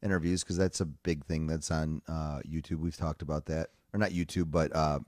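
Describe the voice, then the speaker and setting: A man's voice: extremely low pitch, little pitch movement, normal speed, darkish tone, dry recording, studio quality. A man co-hosting a casual talk, asking reflective questions with many fillers. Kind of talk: casual chat.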